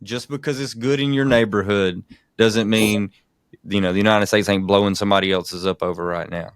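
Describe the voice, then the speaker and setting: A man's voice: on the low side, steady tone, brisk, clean tone, dry recording, clean studio sound. A man hosting an interview, talking earnestly and emphatically and often checking whether his guest agrees. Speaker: podcast host. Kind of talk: casual interview talk.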